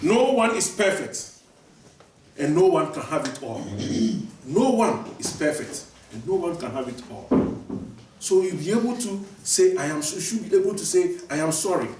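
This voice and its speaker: A man's voice: sits high, very animated, moderate pace, a little mellow, slight background noise. A male preacher giving a sermon, repeating his key lines for emphasis and often restarting his sentences. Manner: repetitive, emphatic, many restarts. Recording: echoey room, voice from far off.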